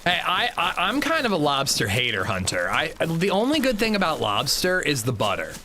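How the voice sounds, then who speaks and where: Lively, bright-voiced male game streamer. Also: fairly high pitch, normal speed, a little hiss or hum. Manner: chatty, loose and profane, reads and answers chat. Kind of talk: casual livestream chat while gaming.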